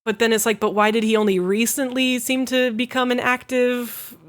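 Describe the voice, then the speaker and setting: Young woman, podcast co-host, quick chatty recap, profane, lots of "like" fillers. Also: a little high, flat delivery. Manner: quick, profane, giggly storytelling with many "like" fillers. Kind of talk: casual anime recap chat.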